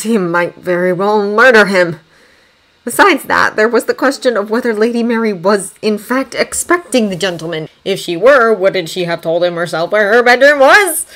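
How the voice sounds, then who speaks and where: A woman reading fanfiction aloud as an audiobook, in a steady, lightly dry storytelling manner. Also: lowish voice. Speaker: fanfiction reader. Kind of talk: audiobook narration.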